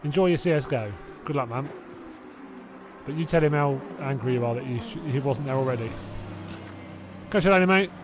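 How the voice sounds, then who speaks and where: A man's voice: mid-range voice, a little fast, pauses often, noisy background. A young man casually hosting a live sim racing watch-along, chatty and reacting aloud, laughing often. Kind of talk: casual live-stream chat.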